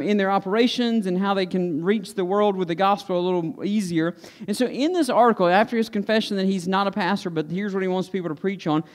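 A male pastor preaching a conversational sermon and leading a prayer in a church sanctuary, with an earnest, plain-spoken manner. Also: high voice. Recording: long hall reverb.

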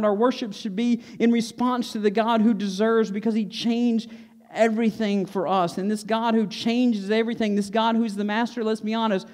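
A man's voice: sits high, a little mellow. A man preaching a sermon to his church, earnest, repeating phrases for emphasis. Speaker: pastor. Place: church sanctuary.

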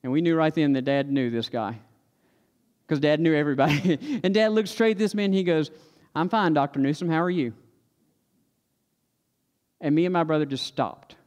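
A man's voice: fairly high pitch, fairly quick, darkish tone, clean tone, big-room sound. A man from Stokes County, North Carolina, preaching a sermon and telling a childhood story in a folksy, confessional way. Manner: folksy, confessional, acts out family dialogue. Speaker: pastor.

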